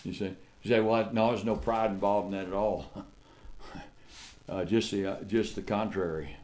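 Low-voiced older man preaching emphatically. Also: fairly even intonation. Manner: emphatic, folksy, swings between loud declaiming and quiet asides; drawn-out repeated phrases and stammered restarts. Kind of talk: sermon.

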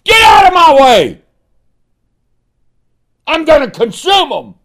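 A man's voice: wildly swooping pitch, slow pace, full character voice. A man voicing an angry God who bellows for his wrath to burn against the people. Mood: wrathful. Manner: booming, commanding shouts. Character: wrathful God, thundering and furious.

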